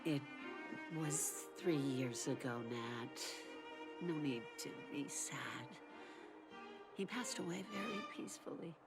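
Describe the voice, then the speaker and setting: A tender old mother in a video game, low and unhurried. Her pitch swings widely as she comforts her grown daughter. Game music plays behind her. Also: lively intonation. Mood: gentle. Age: older. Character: Natasha's old mother, gentle and loving. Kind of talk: game voice acting.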